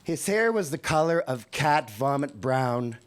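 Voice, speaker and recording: A man's voice: mid-range voice, lively intonation, unhurried. A man in his sixties from Canada performing wry, profane poetry on a live venue stage into a handheld microphone. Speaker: poet.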